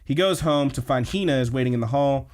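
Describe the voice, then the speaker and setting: This podcast host speaks quickly in a mid-range voice. His anime episode recaps are casual and rambling, packed with filler words.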